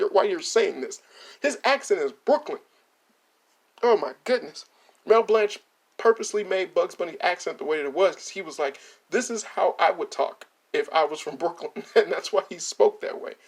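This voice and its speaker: A man hosting a reaction video, ranting in a casual, animated way, swearing and laughing often. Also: high voice, husky.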